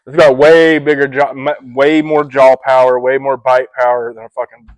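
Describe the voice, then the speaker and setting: A young man co-hosting a podcast in casual chat, telling stories with lots of swearing and throat-clearing. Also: mid-range voice, little pitch movement, moderate pace, no echo, low-quality recording. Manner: profane storytelling, clears throat often. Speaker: podcast co-host.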